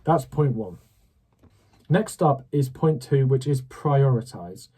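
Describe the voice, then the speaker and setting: Mellow, husky teenage lad. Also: male voice, medium pitch, lively intonation, slow. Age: late teens. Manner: direct and upbeat, often checking in with "okay?". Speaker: student study-advice YouTuber. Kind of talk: casual advice to camera.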